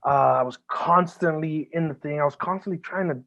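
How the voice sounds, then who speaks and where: A man's voice: on the high side, fairly quick, fairly bright tone. A man as a podcast guest, talking earnestly and emotionally, swearing a lot and often restarting his sentences. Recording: band-limited phone-like audio.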